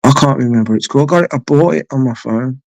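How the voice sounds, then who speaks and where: A man's voice: mid-range voice, rapid-fire, darkish tone, no echo, rough recording. A man hosting a late-night live stream from home, chatting to viewers in a rambling, sweary way. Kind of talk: casual chat with viewers.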